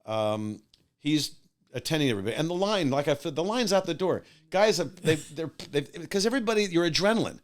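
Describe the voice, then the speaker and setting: A man's voice: a little high, fairly quick. An older man casually telling a long anecdote as a podcast guest, acting out the voices of the people in it. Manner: animated anecdote teller, acting out voices of others. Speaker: podcast guest, musician and radio host. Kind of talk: casual storytelling.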